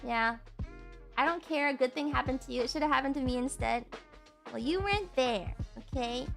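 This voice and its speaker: A young woman streaming and chatting casually while crafting, animated and giggly, swearing casually. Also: high voice, creaky. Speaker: VTuber streamer.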